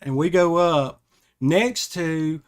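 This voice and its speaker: A man with a somewhat high voice tells a story on his podcast at an unhurried, drawn-out pace. He rambles and backtracks as he goes. His retelling is casual and animated. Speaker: podcast host.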